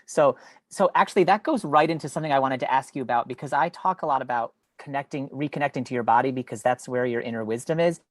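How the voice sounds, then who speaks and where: A woman's voice: a bass voice, fast, dry recording. A woman podcast host asking questions in a casual interview, chatty with frequent "like" fillers.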